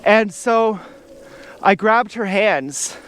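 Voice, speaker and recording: Man, high voice, smooth and clear, rambling vlog monologue, outdoors on a trail. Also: lively intonation, a bit bright. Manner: meandering, drawn-out storytelling. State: stoned, calm. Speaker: vlogger. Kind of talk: rambling monologue while riding. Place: outdoors on nature trails by a river. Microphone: camera on an ebike.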